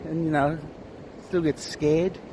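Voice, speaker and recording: A man's voice: a little high, little pitch movement, takes it slowly, mellow, a little hiss or hum. A man with an Australian accent, chatting casually on a beach vlog in a laid-back, rambling way and swearing freely. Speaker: vlogger. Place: outdoors at a beach.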